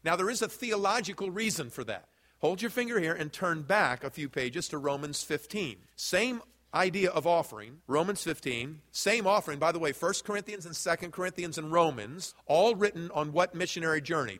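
A man's voice: fairly high pitch, lively intonation, fairly quick, a bit bright. A man preaching a sermon as pastor, addressing the congregation directly and quizzing them with questions. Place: church sanctuary. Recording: long hall reverb from church sanctuary.

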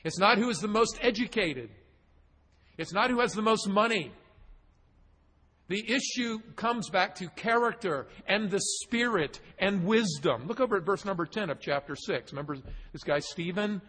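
A man's voice: high-pitched, moderate pace, fairly bright tone, slightly rough. A man preaching a verse-by-verse sermon, stressing points through repetition. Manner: expository preaching, emphatic repetition. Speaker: pastor. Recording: long hall reverb.

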